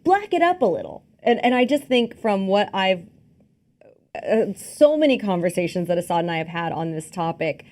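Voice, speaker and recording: A woman co-hosting a podcast, chatting casually about film trailers, rambling with fillers and quick laughs. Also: lowish voice, fairly even intonation, a little mellow. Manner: rambling, lots of fillers and restarts, laughs easily. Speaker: podcast co-host.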